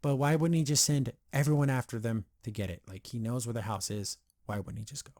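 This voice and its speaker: A man's voice: medium pitch, fairly quick, no echo. Rambling male podcast host, dry sound. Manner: rambling, filler-heavy, excitable. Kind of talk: casual episode review.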